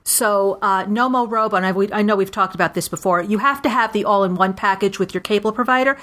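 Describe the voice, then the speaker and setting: Animated chatty woman telling stories. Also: medium pitch, fast. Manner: animated storyteller, acts out quoted voices. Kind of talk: casual chat.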